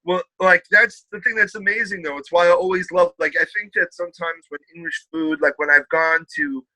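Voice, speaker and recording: A man from the United States, a podcast guest, telling lively stories in casual chat. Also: high voice, a little fast, no room sound, rough recording. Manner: animated storyteller, puts on British voices.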